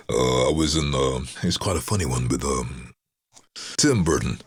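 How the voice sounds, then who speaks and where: A man with an extremely low baritone and a husky grain to his speech. He is a middle-aged voice-over artist chatting in an interview, telling lively stories and acting out the people he quotes. The sound is dry, with no room echo. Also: normal speed. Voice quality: deep baritone. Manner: storytelling, animated, acts out quoted voices. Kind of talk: casual interview over remote call.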